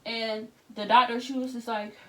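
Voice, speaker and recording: A woman in her thirties with a bright, forward voice talks to her followers while tidying her bedroom. She tells candid stories with slang and plenty of feeling, sounding pregnant and a little worn. Her voice sits a bit away from the camera across the room. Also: on the high side, normal speed, distant mic. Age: 30s. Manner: candid, animated storytelling with slang. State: pregnant, back aching. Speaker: vlogger. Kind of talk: casual chat while tidying. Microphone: camera set up across the room.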